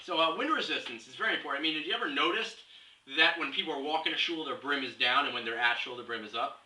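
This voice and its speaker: A man's voice: on the high side, fast talker, sharp tone. A young man delivering a rambling, scatterbrained comic rant with mock-serious reasoning, recorded at a distance in a roomy space with faint hiss. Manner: rambling, scatterbrained, jumps between topics. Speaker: comedy video blogger.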